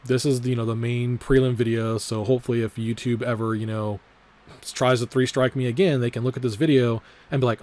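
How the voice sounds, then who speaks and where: A male vlogger talking loosely through his trades at a middle pitch. He rambles, swears freely and leans on filler words, circling back to the same points again and again. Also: a little fast, a little mellow. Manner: repeats his disclaimers over and over. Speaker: trading vlogger. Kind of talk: casual trading vlog commentary.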